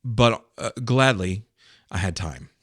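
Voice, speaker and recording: A man, a pastor, talking in a casual podcast discussion with earnest, animated emphasis. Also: on the low side, slow pace, no echo, studio quality.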